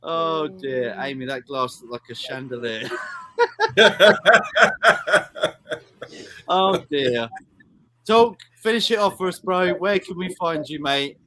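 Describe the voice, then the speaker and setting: A man hosts a football fan stream in a high voice that swings up and down. He sounds bright and forceful as he teases his guests. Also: expressive, slow, long pauses. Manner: teasing, laughing, wraps up each guest. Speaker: host. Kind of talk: casual chat on a live stream.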